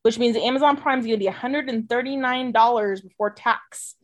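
A woman co-host in casual podcast chat, her voice sitting a little high. She talks animatedly and swears freely, and slows down when she reads tasting notes. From mountain ski town.

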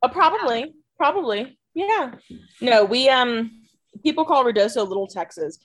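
Woman, casual chat, self-deprecating, slightly high voice, trailing off. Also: lively intonation, normal speed. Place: lives in a mountain ski town.

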